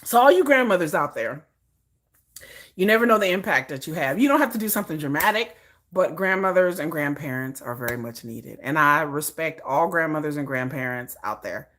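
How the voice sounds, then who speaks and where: A woman live-streaming to her viewers, telling family stories in a casual, animated way. Her voice sits a little low but sounds bright and forward, and her pitch swings widely. She laughs often and restarts phrases as she goes. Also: brisk.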